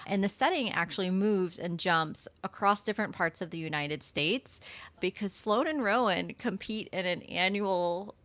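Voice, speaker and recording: A woman's voice: mid-range voice, moderate pace, a bit bright, dry recording. A woman hosting a book club podcast, talking in an enthusiastic, chatty way full of fillers and asides. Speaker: podcast host. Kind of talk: casual book club chat.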